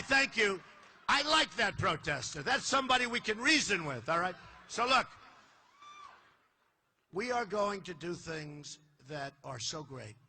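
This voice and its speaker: Older man, political candidate, high bright forceful voice, boastful punchy rally delivery, faint ambience behind. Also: slight background noise. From United States. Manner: boastful, repetitive, punchy phrasing. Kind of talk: campaign rally speech. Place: large indoor arena.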